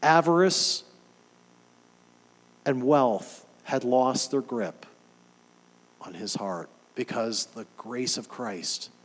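A man preaching a sermon, animated and emphatic, firing off rhetorical questions to his listeners. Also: mid-range voice, extremely slow, long pauses, long reverb tail.

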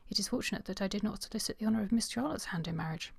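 A woman voicing a gentle, quietly amused aristocratic man in his thirties, speaking softly, close to a whisper. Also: mid-range voice, racing, vocal fry, slightly rough, no echo. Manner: soft, near whispered.

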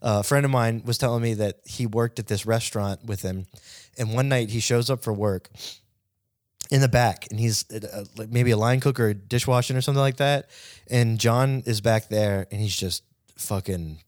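A man's voice: mid-range voice, normal speed, no echo. Casual podcast guy, tells long loose stories, curses a bit, dead dry sound. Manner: rambling storyteller, swears, slips into silly voices. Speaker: podcast co-host. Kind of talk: casual chat.

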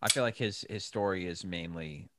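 A man's voice: low voice, normal speed, a crowd in the background. A young man co-hosting a casual fan chat, hesitant and full of "like". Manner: chatty, hesitant, lots of "like". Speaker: podcast co-host.

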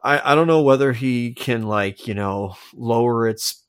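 A man's voice: mid-range voice, a little slow, clear, resonant tone, dry recording, studio quality. A man co-hosting a podcast, rambling and interrupting himself as he argues a point. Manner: rambling, self-interrupting, emphatic. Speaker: podcast co-host. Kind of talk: casual discussion.

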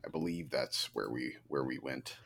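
A man co-hosting a casual podcast, joking and talking with an expressive delivery. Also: very deep voice, moderate pace, creaky. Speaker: podcast co-host. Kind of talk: casual chat.

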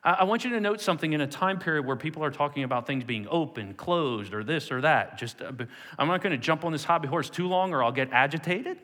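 A male pastor giving an animated sermon to a nearly empty church, acting out quotes in a raised voice. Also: a little high, fast talker, in a large hall.

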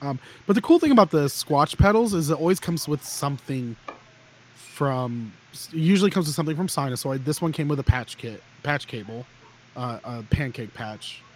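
A man's voice: on the high side, lively intonation, moderate pace, slight background noise. A man hosting a gear podcast, chatting casually in a rambling, joking way with frequent restarts. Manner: rambling, jokey, restarts often. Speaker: podcast host. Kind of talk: casual chat.

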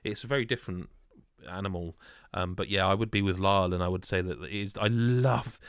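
A man with a low, smooth, resonant voice leads a casual podcast panel. He is enthusiastic and firmly opinionated. He often stumbles and restarts his sentences, and the sound is close and dry. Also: a little fast, no echo. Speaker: podcast host.

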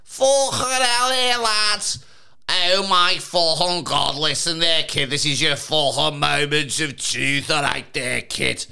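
A man's voice: fairly high pitch, fairly even intonation, slow pace, vocal fry, pushed and bright, clean tone, full character voice. A man imitating a brash older female game show host in an exaggerated Scouse accent, bossy and teasing. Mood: rowdy. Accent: put-on Scouse.

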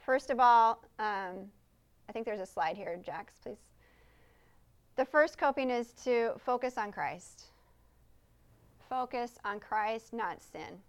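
A woman's voice: fairly high pitch, lively intonation, takes it slowly, long pauses. A woman preaching a conversational sermon in a church service, earnest and chatty, often asking the congregation questions.

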